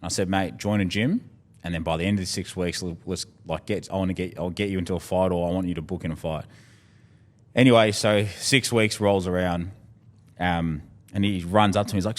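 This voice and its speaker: A man's voice: low-pitched, steady tone, a little fast. An Australian man speaking as a podcast guest in casual conversation, candid and heartfelt, swearing freely.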